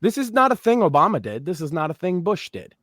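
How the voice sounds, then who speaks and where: A man co-hosting a casual political chat show, talking bluntly with lots of swearing and emphatic, rough-edged opinions. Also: high-pitched, sing-song, quick pace, fairly bright tone, no room sound, clean studio sound. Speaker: podcast co-host.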